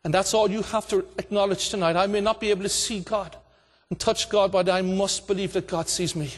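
High-voiced preacher in a reverberant hall. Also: male voice, steady tone, a little fast. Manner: impassioned, preaching with rising shouts. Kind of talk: evangelistic sermon.

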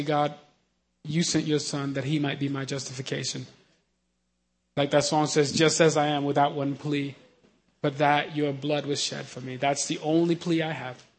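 A man preaching a sermon, talking conversationally and asking his listeners "you know what I mean?", moving between quiet earnest teaching and shouted hallelujahs. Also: fairly high pitch.

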